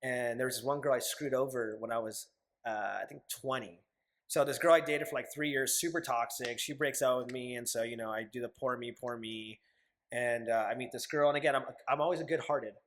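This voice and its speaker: A man's voice: medium pitch, brisk. Candid young man telling stories. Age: 20s. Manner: candid, acts out his own past quotes, swears freely. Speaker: podcast guest. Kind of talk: casual storytelling interview.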